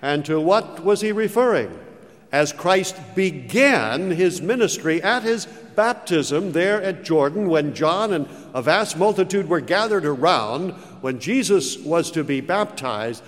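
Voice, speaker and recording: Slow, emphatic preacher man in a reverberant hall. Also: animated. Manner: slow, emphatic preaching with dramatic pitch swings. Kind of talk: sermon.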